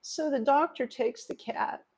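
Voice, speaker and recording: A woman's voice: high voice, a little slow, vocal fry, a little mellow, slight background noise. Middle-aged woman, livestream host, candid rambling storyteller who talks straight to her viewers. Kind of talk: casual storytelling to live chat.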